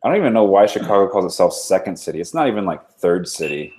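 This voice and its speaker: A man with a low voice swings his pitch widely as he co-hosts a podcast. He chats casually and trades dry jokes. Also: sing-song, fast, background noise. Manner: dry joking banter. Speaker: podcast co-host. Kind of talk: casual chat.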